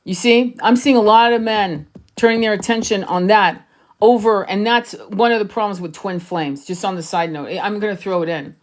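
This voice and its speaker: A woman's voice: mid-range voice, normal speed. A woman who reads tarot and twin flames, talking to camera in a blunt, profane and emphatic way and repeating herself for stress. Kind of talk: casual monologue to camera.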